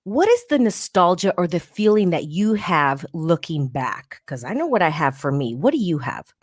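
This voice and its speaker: A woman's voice: fairly low pitch, sing-song, moderate pace, dry recording, studio quality. A woman hosting a live podcast interview, bubbly and chatty with playful slang. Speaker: podcast host.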